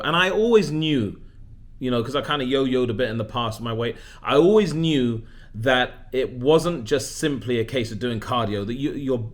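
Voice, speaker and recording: A leadership coach in his forties chats casually in a personal vlog, poking fun at himself and frequently restarting his sentences. His voice is medium-pitched with a fairly bright tone.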